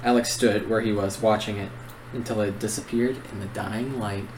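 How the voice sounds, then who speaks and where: A man's voice: on the low side, steady tone, moderate pace, a little mellow, slight background noise, poor audio. A young man co-hosting a book podcast, reading narration aloud and chatting eagerly. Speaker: podcast co-host. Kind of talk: reading narration and casual chat.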